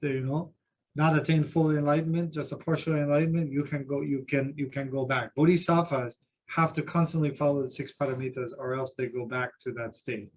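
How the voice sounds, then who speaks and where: A man's voice: mid-range voice, steady tone, a little fast. A man who teaches Buddhism, sharing anecdotes with self-deprecating humor in a group discussion at a seminar.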